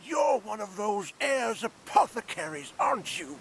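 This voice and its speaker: An actor voicing a suspicious gruff older male townsman in a video game, slow and accusing. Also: sits high, very animated, fairly bright tone, slight background noise, exaggerated voice.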